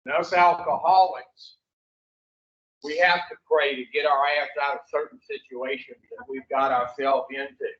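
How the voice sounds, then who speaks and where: In an echoey room, captured far from the mic in dull lo-fi sound, a man leads an addiction recovery class with a slightly high, animated voice at normal speed. He's blunt and swears, using call-and-response to draw answers out of the group.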